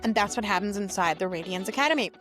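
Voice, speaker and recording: A woman's voice: medium pitch, lively intonation, quick pace, fairly bright tone, faint music behind. A woman hosting her own solo podcast, talking in an emphatic, motivational way with frequent "like". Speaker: podcast host and coach.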